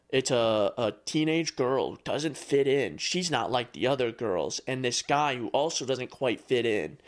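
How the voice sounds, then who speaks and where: A man co-hosting a podcast in casual chat, ranting with dry exasperation and casual swearing. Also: mid-range voice. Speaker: podcast co-host.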